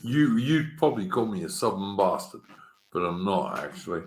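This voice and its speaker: Host, male, lowish voice, blunt and matey with casual swearing, roomy echo. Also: big pitch swings, normal speed, noisy background. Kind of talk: casual chat.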